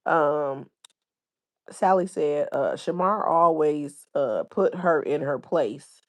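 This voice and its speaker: A woman's voice: deep voice, takes it slowly. A woman hosting a livestream, chatting casually and reading viewer comments aloud in informal slang. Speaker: livestream host.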